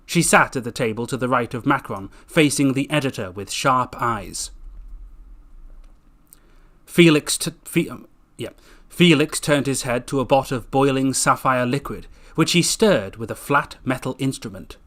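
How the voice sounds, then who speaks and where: A man's voice: mid-range voice, unhurried, fairly bright tone. A man reading his own book aloud casually, tripping over words and correcting himself with jokey asides.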